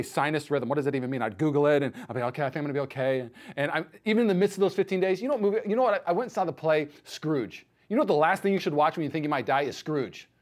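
A male pastor in his thirties delivers a sermon at a rapid clip, his voice sitting a bit high for a man. He tells stories with lively acted-out dialogue, switching into the voices of the people in them. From United States. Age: 30s. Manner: animated storytelling, acts out quoted voices.

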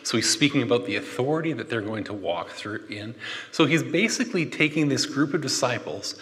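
A man preaching a conversational sermon, animated and chatty, with joking asides. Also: medium pitch, fairly quick. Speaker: pastor. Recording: long hall reverb.

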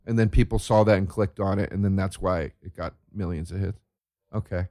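A man's voice: sits low, fairly even intonation, brisk, warm tone, no room sound, studio quality. A man, a comedian, ranting with profanity, sarcasm and a stream of rhetorical questions.

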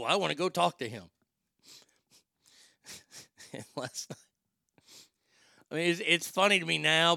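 A man in his forties chats casually on a livestream from his home studio. He rambles and jokes, with swearing mixed in. His voice is slightly high, very bright, and dry, with no room sound. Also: gravelly, dry recording. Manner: joking, profane, rambling. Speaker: livestream host.

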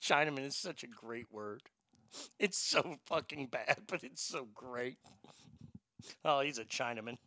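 A man's voice: mid-range voice, a little slow, pauses often, pushed and bright, dry recording. A man hosting a comedy show, reading odd news stories and joking about them in a profane, irreverent way. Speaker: host.

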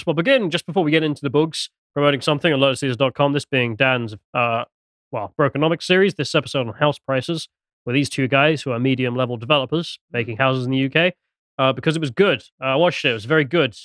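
A man's voice: medium pitch, fast talker, a bit bright, dry recording, studio quality. A man hosting a podcast in casual chat, jokey and rambling, laughing often. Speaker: podcast host.

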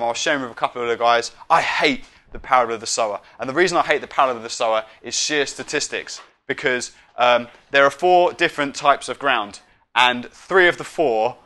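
Bright-voiced casual preacher. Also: male voice, medium pitch. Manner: casual, self-mocking storytelling, then hushed prayer. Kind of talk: sermon ending in prayer.

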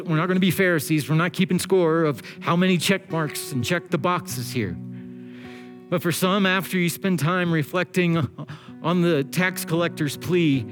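Man, pastor preaching, high-pitched voice, slow and emphatic, faint guitar behind. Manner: earnest, exhorting, with slow emphatic phrasing. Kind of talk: sermon.

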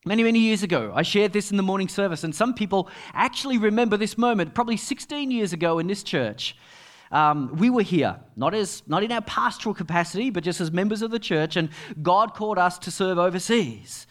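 Middle-aged male pastor, sermon, storytelling manner with quiet asides; high, very lively voice. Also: brisk.

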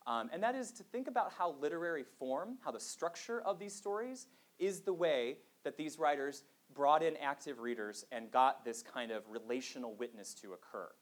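A man's voice: a little high, expressive, normal speed. Chatty male lecturer, joking with audience. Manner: conversational, self-deprecating, with many fillers. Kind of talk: public lecture to a live audience.

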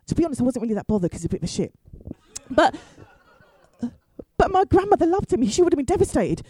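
A woman's voice: sits high, big pitch swings, fast, warm tone, slightly rough, poor audio. A woman stand-up comedian telling a story with wry asides and free swearing. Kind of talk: comic storytelling.

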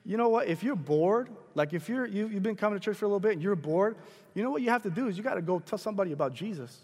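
A man preaching a sermon, telling a personal story in a casual, animated way with many fillers and restarts. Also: sits high, very fast. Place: large church hall. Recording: long hall reverb.

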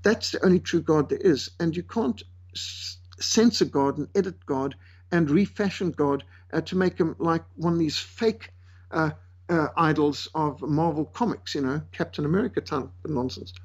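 A man preaching a sermon in a forceful, emphatic way, slowing down to stress key words. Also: on the high side, slightly rough. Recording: dull lo-fi recording.

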